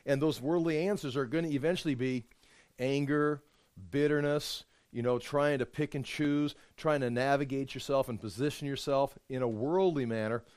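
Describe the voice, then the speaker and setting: A man's voice: mid-range voice, fairly even intonation, moderate pace, darkish tone, clean tone, no room sound, clean studio sound. A man teaching a Bible study in a conversational, emphatic way, often restarting his sentences. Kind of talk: informal Bible study sermon.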